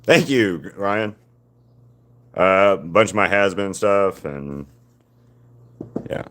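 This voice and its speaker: Man, deep voice, laid-back rambling host of an art live stream. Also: slow pace. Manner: relaxed, rambling, greets viewers by name. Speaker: artist live-streaming a painting session. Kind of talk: casual live-stream chat with viewers.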